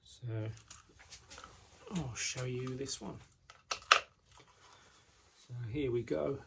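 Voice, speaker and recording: A male craftsman walks through his handmade knives in a laid-back, unhurried way, pausing often with ums and restarting his sentences. His voice sits at an ordinary middle pitch for a man. He is talking indoors in his workshop. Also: steady tone, vocal fry, background noise. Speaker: knife maker. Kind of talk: casual product walkthrough.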